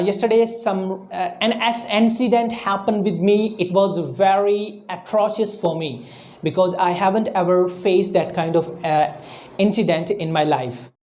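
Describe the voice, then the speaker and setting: Woman teacher, mellow tone, slow drilled repetition of each word. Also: medium pitch. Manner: repeats key words slowly, often asks "all right?". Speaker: English teacher. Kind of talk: vocabulary lesson to camera.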